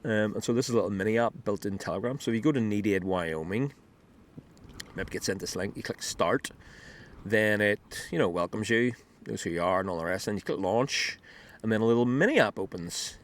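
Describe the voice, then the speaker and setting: A man with a low voice rambles through a casual screen demo of an app he built, full of ums and restarts. He's outdoors on a beach using a wireless clip-on mic, and there's a little hiss or hum.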